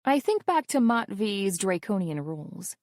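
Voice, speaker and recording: Female romance audiobook narrator: wry, intimate, very expressive pitch, slow unhurried pace, dry close sound. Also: no room sound.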